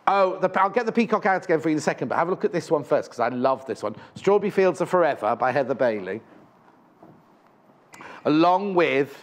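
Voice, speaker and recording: Fronting a live TV shopping show from the studio, a man with a voice a little higher than most men's talks in a brisk, expressive way. He's chatty and rambling, drifting onto tangents and correcting himself mid-sentence before returning to the prices.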